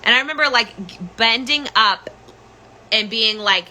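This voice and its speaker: Woman recounting her own story, really bright sharp tone, urgent and raw, faint hiss behind. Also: on the high side, normal speed, rough recording. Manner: urgent, candid, with frequent restarts. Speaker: podcast host telling her own story. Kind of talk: personal storytelling.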